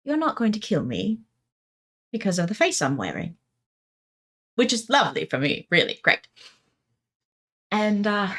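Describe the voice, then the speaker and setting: A woman voicing the deep dark, a smug, sinister entity, in a tabletop game. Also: very animated, measured pace, long pauses, heavily acted. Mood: mocking. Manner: mocking, condescending.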